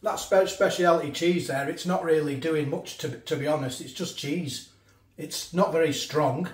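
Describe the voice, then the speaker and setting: A man's voice: fairly high pitch, moderate pace. Middle-aged man, casual food reviewer, rambles, talks while eating, roomy echo. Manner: rambling, repeats himself, talks with mouth full. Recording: echoey room.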